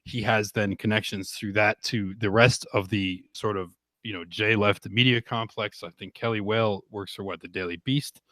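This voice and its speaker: A man ranting about politics on a livestream, getting heated and loud in bursts. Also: on the low side, fairly even intonation, normal speed, few pauses, no room sound. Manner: ranting, rising to loud outbursts. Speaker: podcast guest.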